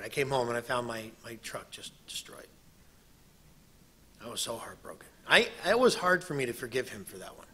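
A man who preaches a sermon, telling a personal story in an animated way and acting out what people said. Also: mid-range voice. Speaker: preacher and missionary.

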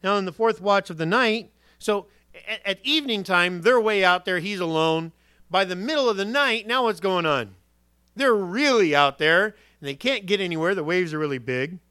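Bright-voiced, chatty male preacher. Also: high voice, normal speed, clear, resonant tone, no room sound, clean studio sound. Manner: conversational, animated storytelling with asides. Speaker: pastor. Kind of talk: sermon.

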